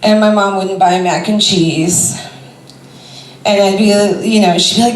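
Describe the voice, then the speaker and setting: A woman's voice: mid-range voice, steady tone, a little slow. A woman doing a stand-up comedy set, talking in a rambling, conversational way with lots of fillers. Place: comedy club stage before a crowd. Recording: roomy club sound from a distance.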